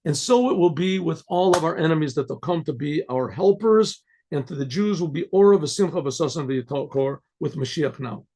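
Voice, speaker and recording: A man, a rabbi, telling a story in a casual, halting way, repeating words and often clearing his throat. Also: fairly high pitch, lively intonation, dark tone.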